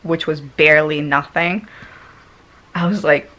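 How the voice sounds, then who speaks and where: A woman vlogger telling a personal story in a casual way, laughing often and swinging between loud and hushed tones. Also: low-pitched, steady tone, measured pace.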